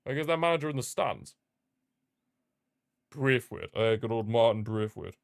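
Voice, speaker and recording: Excitable man hosting a watchalong. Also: mid-range voice, moderate pace, creaky, no echo, clean studio sound. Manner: excitable, chatty, reacts to viewer comments. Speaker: watchalong host. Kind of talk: live football watchalong commentary.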